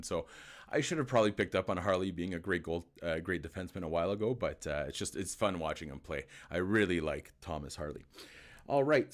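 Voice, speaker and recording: A man with a low, deep voice hosts a live post-game hockey show. He talks casually to his viewers, often stumbling and repeating words as he gathers his thoughts. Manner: chatty, repeats words while thinking. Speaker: host.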